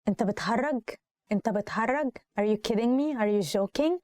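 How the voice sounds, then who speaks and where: A woman's voice: on the high side, darkish tone, dry recording. A woman with an Egyptian accent teaching spoken Arabic, saying each phrase twice and then explaining it in English. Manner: repeats phrases slowly, then translates. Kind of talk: language lesson.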